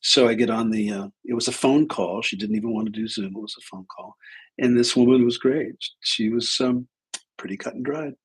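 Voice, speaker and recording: A man's voice: medium pitch, fairly quick, husky, rough recording. A man hosting a livestream as a spiritual teacher, telling a story casually, often breaking off mid-sentence. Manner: rambling, self-interrupting, acts out dialogue.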